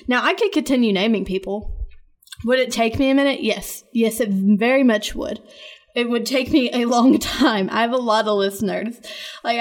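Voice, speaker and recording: Upbeat woman podcasting. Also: fairly high pitch. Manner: earnest, rambling, encouraging. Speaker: podcast host. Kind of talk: casual podcast monologue.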